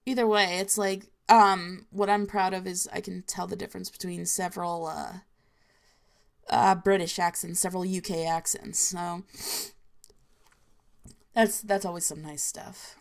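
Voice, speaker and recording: A woman's voice: on the low side, fairly even intonation, measured pace, gravelly, pauses often. New Jersey woman, solo podcast host, rambling casual chat. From New Jersey, USA. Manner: rambling, filler-heavy, chatty.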